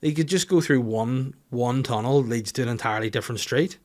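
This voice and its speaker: A man's voice: mid-range voice, fairly quick, darkish tone. A man in his thirties with a Northern Irish accent, hosting a podcast and rambling through a comic story, swearing freely. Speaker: comedian podcast host. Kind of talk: casual comic monologue.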